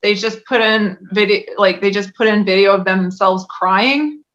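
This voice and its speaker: A woman's voice: medium pitch, fairly even intonation, normal speed, fairly bright tone. Chatty laughing woman, lo-fi audio. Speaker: interview guest. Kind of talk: casual interview talk. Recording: dull lo-fi audio.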